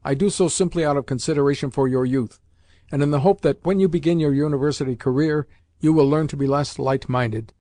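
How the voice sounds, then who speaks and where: A man's voice: a little high, brisk, warm tone, no echo, clean studio sound, lightly acted. A man voicing a stern, condescending male professor who speaks in a clipped, scolding way.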